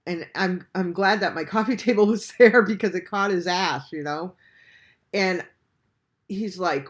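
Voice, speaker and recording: A man hosting a reaction channel, telling a story in animated casual speech, swearing and laughing often. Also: high-pitched, a little slow.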